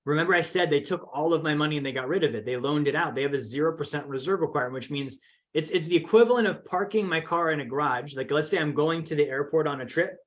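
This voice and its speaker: A man's voice: on the high side, fast, fairly bright tone. A man teaching a finance course, emphatic and repetitive, often checking in with the listener. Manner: emphatic, repeats points with "okay" and "right". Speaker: financial educator. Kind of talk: explanatory course talk.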